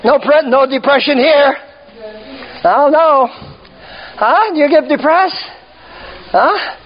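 High-voiced teasing male preacher, lo-fi. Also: slow pace. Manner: call-and-response, repeated "huh?", teasing and emphatic. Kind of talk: sermon. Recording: dull lo-fi church recording.

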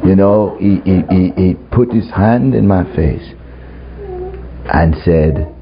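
A man's voice: low voice, slow, crowd noise. A man preaching a storytelling sermon who laughs often and acts out the voices he quotes. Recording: dull lo-fi recording, faint background.

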